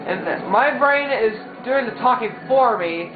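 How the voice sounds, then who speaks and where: A man chats his way through a video game session in rambling, stumbling commentary, often restarting his sentences. The sound is tinny and phone-like, bouncing around an echoey room. Loud game music plays under his voice. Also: high voice, normal speed, hardly any pauses. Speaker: gameplay commentator. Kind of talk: casual gameplay commentary.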